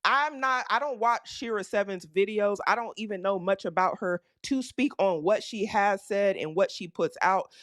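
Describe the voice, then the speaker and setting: Measured, hedging reaction commentator. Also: mid-range voice, a bit bright, no room sound, studio quality.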